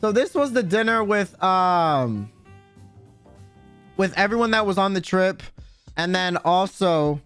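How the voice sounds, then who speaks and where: A man's voice: high voice, expressive, takes it slowly, pauses often, fairly bright tone, smooth, faint music behind. A young man streaming, telling a story in casual chat, swearing, laughing and saying bro a lot. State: sore throat.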